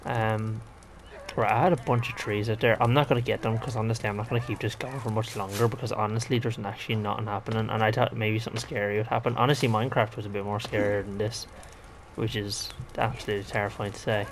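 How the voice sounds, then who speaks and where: A man's voice: lowish voice, flat delivery, fast, slight background noise. A man, rambling and exclaiming to himself as he comments on a video game. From Ireland. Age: 20s. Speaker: gaming vlogger. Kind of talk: casual gameplay commentary.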